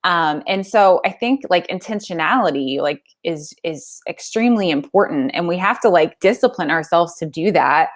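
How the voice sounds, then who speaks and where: A woman's voice: fairly low pitch, expressive, normal speed, few pauses. A woman podcast host chatting reflectively with her guest and asking questions. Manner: chatty, reflective, many fillers like "like" and "um". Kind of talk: casual interview talk.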